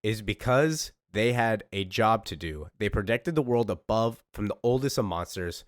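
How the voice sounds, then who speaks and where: A man voicing a sorrowful sorceress mother, speaking in a slow and hushed way. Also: fairly low pitch, animated, no echo, studio quality, lightly acted. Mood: grieving.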